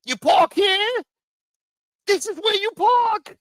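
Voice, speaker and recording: A man voicing a cranky older man who yells at his gardener in shrill, broken English. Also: animated, slow pace, no echo, clean studio sound, exaggerated voice. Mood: indignant.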